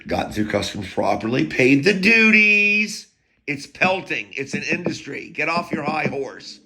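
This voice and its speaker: Gravelly, bright-voiced man telling a rambling story. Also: a little high, very animated, a little slow. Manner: blunt, crude, digressive, with chuckles and rants.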